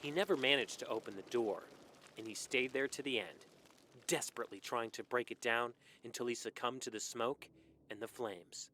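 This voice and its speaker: A man's voice: mid-range voice, moderate pace, bright, forceful tone, a little hiss or hum. A man narrating a scripted horror story with dramatic delivery.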